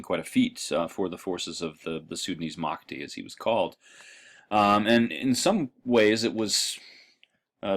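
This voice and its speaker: Deep-voiced lecturer, full of ums. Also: male voice. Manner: halting, lots of ums and uhs. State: dry throat. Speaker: college history lecturer. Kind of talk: classroom lecture.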